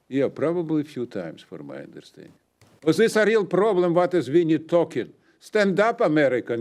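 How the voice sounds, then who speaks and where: A man's voice: medium pitch, dark tone. Older non-native English speaker, male, public commenter; emphatic rant, darker tone. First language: not English. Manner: broken English, emphatic and ranting. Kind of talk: public comment at a city council meeting.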